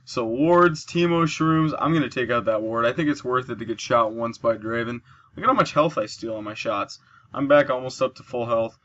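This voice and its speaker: A man's voice: medium pitch, highs cut off. A man giving chatty let's play commentary, explaining moves and cheering at his kills. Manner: chatty, explains mechanics, excited bursts at kills. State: sleepy, yawning. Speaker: gameplay commentator.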